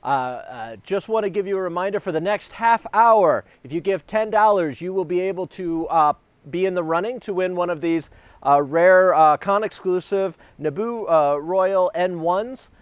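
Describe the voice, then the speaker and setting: Man, telethon studio host, hesitant, lots of fillers, smooth voice, dry sound. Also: high voice, moderate pace, dry recording. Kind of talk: live broadcast announcement.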